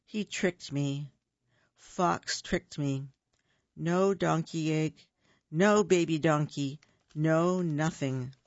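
A storyteller voicing a big, soft-hearted male bear who cries out in high, excited panic. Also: drawn-out words, no room sound, highs cut off. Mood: dejected.

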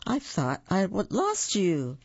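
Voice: mid-range voice, huge pitch swings, takes it slowly, no echo, pitched above the performer's own voice, full character voice. A storyteller voicing a kindly, reassuring father fox, in a dull, dry lo-fi recording.

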